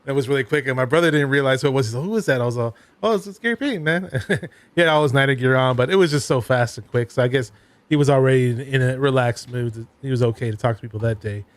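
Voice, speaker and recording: A man's voice: medium pitch, fairly even intonation, fast, no echo. Male host, casual storyteller, dry close sound. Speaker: podcast host. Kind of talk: casual chat.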